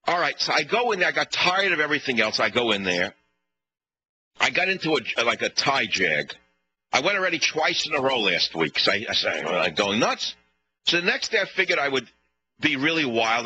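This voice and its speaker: A man's voice: medium pitch, pushed and bright, low-quality recording. A man hosting a talk radio show, telling a long indignant story and mimicking the people in it. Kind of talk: rambling monologue. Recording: radio broadcast with faint hum.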